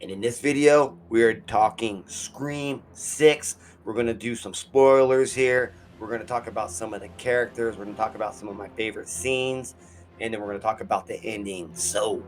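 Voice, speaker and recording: A man hosts a casual movie review from a home basement studio. He talks loosely and excitably, with plenty of swearing, in a somewhat low voice, and faint music sits behind him. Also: moderate pace.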